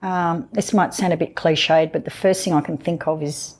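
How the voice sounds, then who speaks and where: A woman, a guest in her own home, telling a personal story in an emotional, halting way with many fillers. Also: fairly low pitch, steady tone, darkish tone. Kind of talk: candid personal interview.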